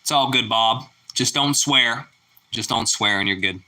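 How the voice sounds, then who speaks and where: A young man hosting a casual live chat with viewers, relaxed and chatty, breaking into loud whoops of delight. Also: mid-range voice, a little slow. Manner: relaxed, chatty, exclaims "woo" over food. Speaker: livestream host.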